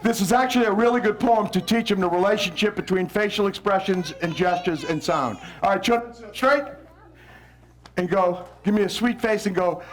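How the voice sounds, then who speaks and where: Man, visiting poet from New Orleans, lively swooping delivery, theatrical call-and-response, faint crowd behind. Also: high-pitched, moderate pace. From New Orleans, United States. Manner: theatrical, animated, cues lines for the audience to repeat. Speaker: visiting poet leading children and adults. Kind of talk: call-and-response poetry performance. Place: school hall with a live audience. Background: faint audience voices repeating lines.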